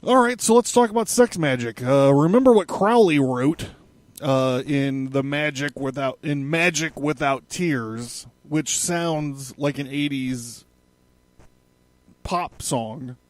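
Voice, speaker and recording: Male podcast host, loose and profane, doubles back on himself, pitched a bit high. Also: slow pace, dry recording. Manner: rambling, profane, self-correcting. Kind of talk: casual podcast monologue.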